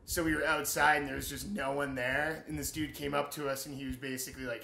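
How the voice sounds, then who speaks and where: A young man tells a story in a bright, edgy voice, swearing freely and laughing as he goes. His voice carries a roomy echo, as if he is in a bare room. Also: medium pitch, fast talker, vocal fry. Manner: animated, profane, laughing between beats. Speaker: interviewee. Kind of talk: casual storytelling.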